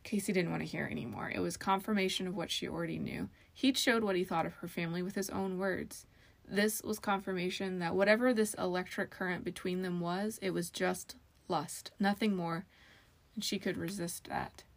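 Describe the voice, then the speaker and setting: Gravelly woman narrating a fantasy audiobook. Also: fairly low pitch, fairly even intonation, normal speed.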